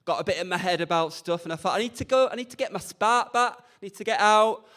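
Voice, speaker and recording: A man's voice: high-pitched, fast, fairly bright tone. A young man, doing cheeky, camp, self-deprecating stand-up at an open mic night. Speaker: stand-up comedian. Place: community radio open mic event.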